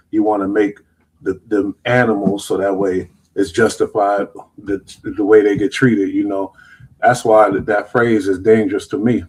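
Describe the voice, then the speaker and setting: A man's voice: on the low side, slightly rough, rough recording. A man hosting a show, reacting to clips in loose slang and rambling, casual commentary. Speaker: show host.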